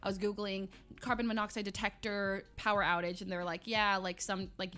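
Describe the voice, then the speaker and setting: A young woman streaming, telling a story to her chat in a casual, animated way, giggling and acting out sounds and voices. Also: mid-range voice, brisk.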